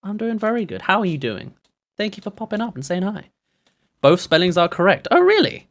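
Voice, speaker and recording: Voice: mid-range voice, very animated, fairly quick. A streamer, rambling and chatty while reacting to movie trailers live, reading chat aloud and laughing often.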